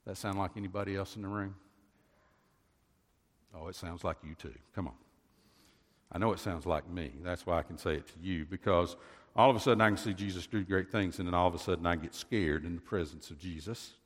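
A man preaching a sermon in a conversational way, swinging from quiet asides to sudden loud swells. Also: sits low, a little fast. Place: church sanctuary. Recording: long reverb of a large hall.

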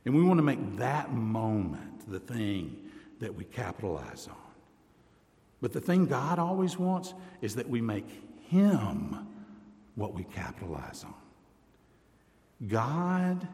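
A man preaching a sermon as pastor, reading scripture aloud and slowing down, dropping his voice low to stress key words. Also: darkish tone, in a large hall. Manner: deliberate preaching, slows and drops low for emphasis, reads scripture aloud.

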